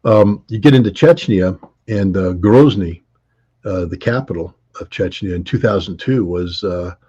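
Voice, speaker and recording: Husky low-voiced guy rambling thru a travel story, lots of ums, dull lo-fi audio. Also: measured pace, mellow. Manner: rambling anecdotes with many fillers and restarts. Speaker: interview guest. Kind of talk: conversational storytelling.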